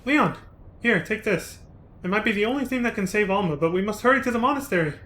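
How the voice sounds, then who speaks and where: A man reading the lines of a male inventor ally from a game, brisk and explanatory. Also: high-pitched, lively intonation, bright, forceful tone. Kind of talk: reading game dialogue aloud.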